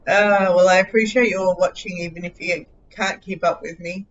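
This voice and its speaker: A woman's voice: mid-range voice, a bit bright, dull audio, slight background noise. A middle-aged Australian woman streaming a game live, chatting casually in a scattered, giggly, self-mocking way.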